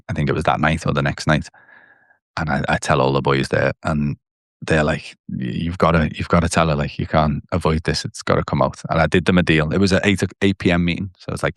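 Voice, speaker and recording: Deep, gravelly-voiced man, guest on a podcast, blunt personal storytelling, dry close sound. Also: dry recording. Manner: candid, blunt storytelling with swearing.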